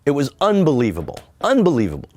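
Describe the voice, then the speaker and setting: A man, a record producer and guitarist, telling an anecdote in an animated way and mimicking the music with sound effects. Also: a little high, quick pace, very noisy. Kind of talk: storytelling anecdote.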